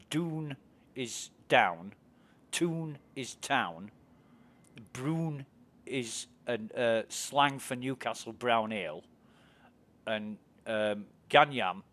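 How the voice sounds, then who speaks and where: A chatty English man with an English accent, rambling through stories as he streams a game. He swears freely and laughs easily, and his voice sits at an ordinary middle pitch. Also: animated, very slow, fairly bright tone. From England. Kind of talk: casual chat while gaming.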